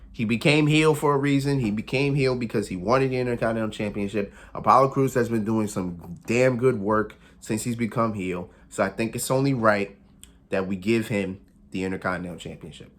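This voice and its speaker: Male vlogger, casual prediction chat, loose, repetitive, quick to laugh. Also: fairly low pitch, fairly bright tone. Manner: chatty, repeats phrases, laughs often. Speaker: wrestling pundit.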